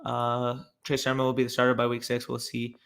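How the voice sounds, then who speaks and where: A young man with a bright, forward voice runs a casual live stream. He reads chat questions aloud and fires back loose, quick reactions. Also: medium pitch, monotone, creaky, clear, resonant tone. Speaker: fantasy football podcast host.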